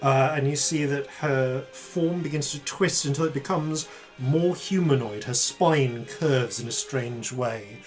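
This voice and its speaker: A man narrating as dungeon master, halting and full of fillers and self-corrections. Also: medium pitch, soft background music. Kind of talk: narrating a tabletop game.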